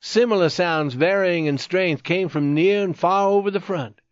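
A man's voice: high-pitched, normal speed, no echo. Man narrating a book, dull lo-fi sound. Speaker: audiobook narrator. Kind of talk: scripted narration.

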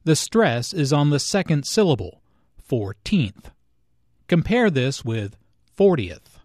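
A man narrating an English lesson in a slow, measured way, explaining pronunciation and stress. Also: on the high side, sing-song, darkish tone, dry recording, studio quality. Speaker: language teacher. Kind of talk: scripted narration.

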